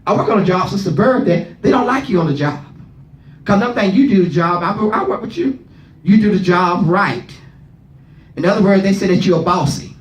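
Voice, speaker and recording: A man's voice: high voice, normal speed, echoey room. A man preaching at a Bible study, leading readers and firing questions at the room. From not from Philadelphia. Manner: fervent, asks the room questions, repeats words.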